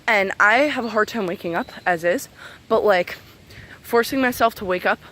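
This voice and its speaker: A woman's voice: mid-range voice, normal speed, a bit bright, slight background noise. A woman in her twenties angrily venting in a casual vlog, swearing a lot while walking outdoors among trees. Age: 20s. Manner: angry, profane, venting. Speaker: vlogger.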